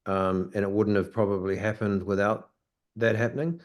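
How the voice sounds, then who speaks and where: A man's voice: lowish voice, fairly even intonation, moderate pace. A man, a guest photographer talking on a video call, hesitant with many fillers and restarts. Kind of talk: casual video call discussion.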